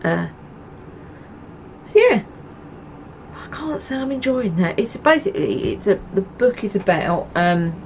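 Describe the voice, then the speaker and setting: A woman's voice: medium pitch, big pitch swings, unhurried, long pauses, darkish tone, slight background noise, rough recording. A woman from Essex, hosting a knitting video podcast in a rambling, chatty way with many ums and asides. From Essex, England. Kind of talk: casual chat to camera.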